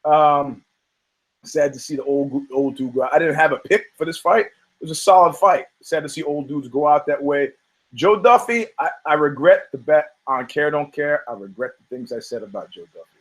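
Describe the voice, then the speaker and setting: A podcast host, a man with a fairly high voice, speaks at normal speed about fight results. His casual comedic take on combat sports is rambling and profane, with jokes at his own expense. Audio quality is poor.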